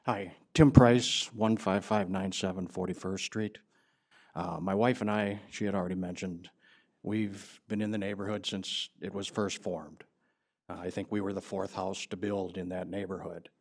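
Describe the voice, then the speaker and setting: A man speaking as a longtime resident at a public meeting, plain and measured. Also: deep voice, fairly even intonation, darkish tone. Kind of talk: public comment.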